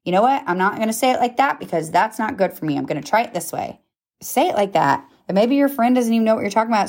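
Her mid-range, slightly mellow voice moves fast with lively intonation as this thirtysomething podcast host gives a casual motivational talk. She drops in emphatic "okay?" and "right?" check-ins and laughs at herself from time to time.

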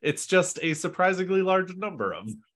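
A man's voice: high voice, big pitch swings, moderate pace, a bit bright. A man hosting a podcast, rambling casually and laughing easily. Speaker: podcast host.

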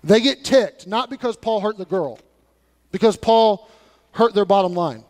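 A man's voice: sits high, animated, a little slow, a little mellow. A male pastor preaching a sermon in an emphatic, conversational way, with blunt warnings. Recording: long reverb of a large room.

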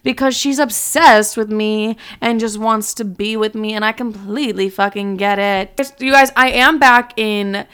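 A woman's voice: medium pitch, steady tone, measured pace, few pauses, a bit bright, clear, resonant tone. A young woman in her twenties hosting her podcast from home, chatting casually and joking with lots of swearing. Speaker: podcast host. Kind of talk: casual chat.

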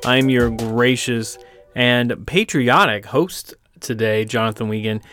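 A man's voice: medium pitch, slow pace, fairly bright tone, soft background music. A man from the United States hosting a podcast in a casual, rambling way, with self-deprecating jokes and lots of fillers. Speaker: podcast host.

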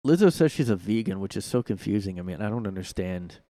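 A man's voice: fairly low pitch, expressive, fast, mellow, no echo. A man hosting a solo podcast from his room, rambling sarcastically with lots of filler words. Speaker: podcast host. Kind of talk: casual solo commentary.

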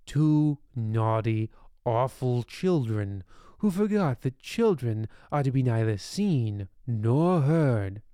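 A man narrating a comic bedtime story in a deadpan, rambling way with ominous asides. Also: mid-range voice, smooth, dry recording, studio quality.

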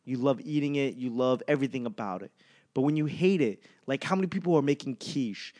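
A man's voice: mid-range voice, a little fast, a little mellow. A man in his thirties hosting a casual solo podcast, rambling and self-mocking with plenty of swearing. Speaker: podcast host.

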